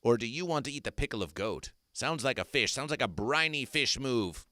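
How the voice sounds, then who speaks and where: Bright, grandiose man proclaiming absurdly. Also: medium pitch, lively intonation, brisk, no room sound, clean studio sound. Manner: grandiose, repetitive, mock-solemn proclamations. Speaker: comedy performer. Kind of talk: absurdist livestream chat.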